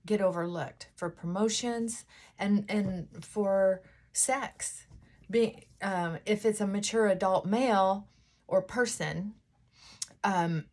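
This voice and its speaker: A woman vlogger chatting casually while getting ready, talking things through in a thoughtful, unhurried way with frequent pauses and fillers. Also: mid-range voice, darkish tone. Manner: unhurried, reflective, thinking aloud.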